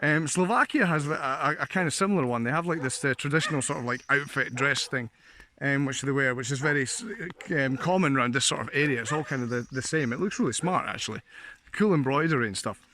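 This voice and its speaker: A man's voice: mid-range voice, fast, a crowd in the background. A Scottish man vlogging in a casual, jokey monologue, full of fillers and laughs. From Scotland. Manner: chatty, jokey, laughs often, many fillers. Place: living in a Slovak village.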